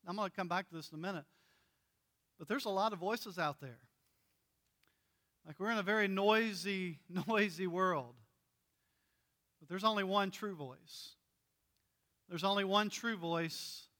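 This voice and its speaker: A man's voice: sits high, pushed and bright. A male pastor preaching a sermon, earnest and emphatic, stretching out key words for stress.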